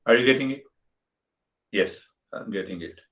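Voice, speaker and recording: A man's voice: medium pitch, normal speed, fairly bright tone, poor audio. A man in his sixties with an Indian English accent, giving a spiritual talk as a teacher, repeating rhetorical questions with emphasis. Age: 60s.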